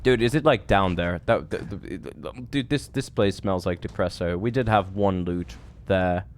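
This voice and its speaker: A man's voice: low-pitched, normal speed. A man in his thirties streaming a game, chatting loosely with viewers, swearing often and rambling between thoughts. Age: 30s. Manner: rambling, profane, chatty with chat. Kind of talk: live gameplay commentary.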